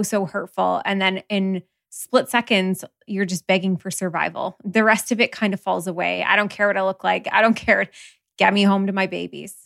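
A woman's voice: on the low side, gravelly, fairly bright tone, no room sound, clean studio sound. A woman podcast host reflecting thoughtfully on her guest's story. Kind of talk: reflective interview talk.

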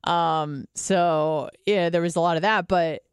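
A woman's voice: on the low side, steady tone, measured pace, smooth, no room sound, clean studio sound. A young woman co-hosting a podcast, chatting casually, rambling and swearing with lots of fillers. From United States. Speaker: podcast co-host. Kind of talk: casual chat.

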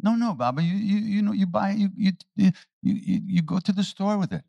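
A man's voice: high voice, brisk, gravelly, dark tone, no room sound, voice pushed up. A man voicing a flustered devotee who stammers as he pleads. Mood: pleading. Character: eager, flustered male devotee.

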